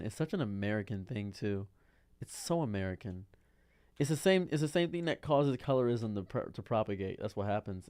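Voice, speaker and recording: A man's voice: lowish voice, a little mellow, dry recording. Exasperated rambling man in his thirties. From Detroit. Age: 30s. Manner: rambling, repeats himself, baffled and exasperated. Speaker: streamer. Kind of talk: casual commentary monologue.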